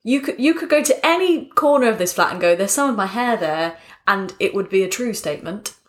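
A woman, co-hosting a casual chat from her flat with animated, jokey asides. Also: mid-range voice, fairly quick. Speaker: podcast co-host. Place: home flat.

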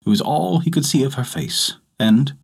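A man narrating a folktale aloud in an expressive, lilting read-aloud delivery. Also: medium pitch, normal speed, vocal fry, slightly rough. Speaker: storyteller.

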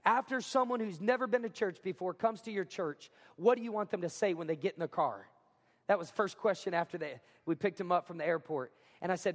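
High-voiced energetic male pastor in a hall. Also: a little fast. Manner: energetic, emphatic, repeats lines for effect. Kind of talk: sermon. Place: school cafeteria or gym used as a church.

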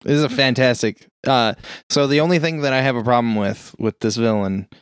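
A man's voice: mid-range voice, fairly quick, clean tone, dry recording. A man co-hosting a podcast, chatting casually in a blunt, profane way. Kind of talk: casual chat.

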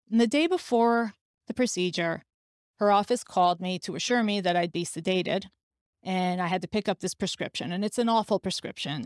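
A woman shares a painful personal story on her own podcast. She speaks candidly and with feeling, and slips into the voices of the people she quotes. Her voice sits at a medium pitch and sounds dry and close, with no room echo. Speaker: podcast host.

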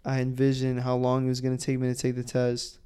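A man co-hosting a podcast, telling a story in a casual, profane way and acting out the quotes loudly. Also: mid-range voice, monotone, fast, smooth. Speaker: podcast co-host.

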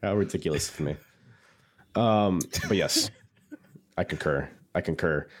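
A man's voice: low voice, a little slow. A man co-hosting a casual podcast, rambling through a wrestling recap, self-mocking and laughing easily. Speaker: podcast co-host.

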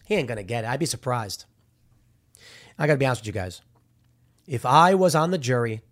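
A man giving casual, argumentative opinion commentary with a slangy, animated way of talking. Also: mid-range voice.

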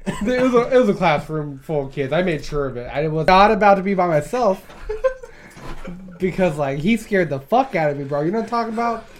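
A man's voice: sits high, expressive, fairly quick, a little hiss or hum. A young man co-hosting a casual chat with friends, telling crude stories, swearing freely and laughing often. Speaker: podcast co-host.

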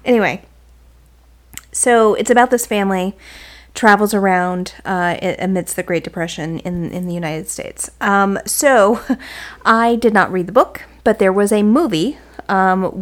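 A woman in her thirties co-hosting a podcast, telling a story in a casual, animated, self-mocking way. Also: medium pitch. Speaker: podcast co-host. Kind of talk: casual chat.

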